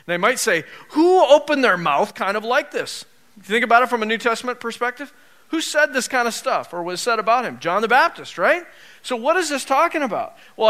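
A man preaching a sermon as pastor, swinging from loud emphasis down to soft near-whispers, with joking asides to the congregation. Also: sits high. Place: church.

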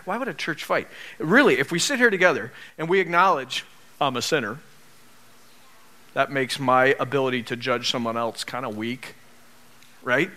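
A man preaching a sermon as pastor, swinging from loud emphasis down to soft near-whispers, with joking asides to the congregation. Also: mid-range voice. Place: church.

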